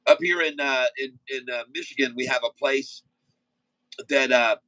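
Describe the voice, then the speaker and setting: Hosting a day-trading livestream, a man with a forceful, bright, mid-range voice chats casually at a moderate pace, drifting from stock commentary into filler-heavy folksy asides in a relaxed, rambling way. The audio is close and dry, without room echo.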